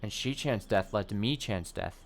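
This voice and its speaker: Deep-voiced man reading a game aloud. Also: moderate pace, gravelly, a little hiss or hum. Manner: steady reading with brief wry asides. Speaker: let's play host. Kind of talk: reading a visual novel aloud.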